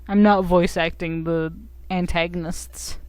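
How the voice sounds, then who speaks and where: A woman's voice: on the low side, a little mellow, no echo. A young woman streaming a video game, chatting casually with goofy, giggly, self-mocking commentary.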